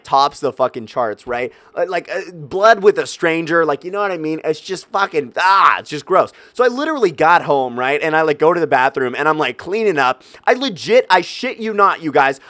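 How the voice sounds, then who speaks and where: A young man tells a story to the camera in a casual vlog. His voice sits fairly high and sounds dry and close, with little room sound. He swears constantly and swings into loud, exasperated outbursts. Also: no echo. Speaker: vlogger.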